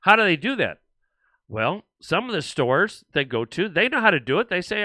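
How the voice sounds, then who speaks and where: Male livestream host, sarcastic political rant, lively high voice. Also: moderate pace, no room sound. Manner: animated and sarcastic, mocking other voices.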